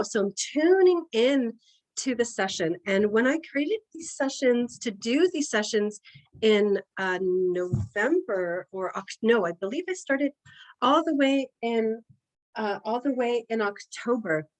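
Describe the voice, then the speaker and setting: Soft-spoken woman leading a healing session. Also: on the high side, lively intonation. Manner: informal, hesitant, pauses with fillers. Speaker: energy healing practitioner. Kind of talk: guided healing session talk. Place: home.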